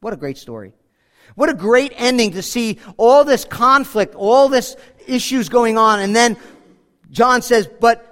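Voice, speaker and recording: Male pastor, high voice, earnest sermon, long hall reverb, loud then hushed. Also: a little slow.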